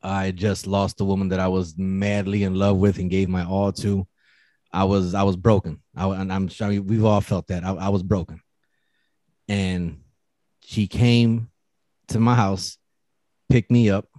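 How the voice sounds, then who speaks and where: A man's voice: sits low, little pitch movement, unhurried, dark tone, no room sound. A man co-hosting a podcast, telling a personal story in casual, profane chat and mimicking other people's voices.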